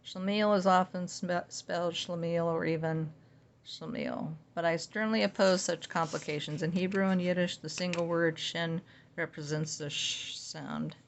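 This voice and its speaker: A woman with a fairly low voice reads word entries aloud from a book, in an easygoing way. She breaks off now and then for chatty remarks of her own. A faint hiss and small clicks sit under her voice. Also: steady tone, normal speed, creaky. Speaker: podcast host reading from a book. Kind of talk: casual reading aloud with asides.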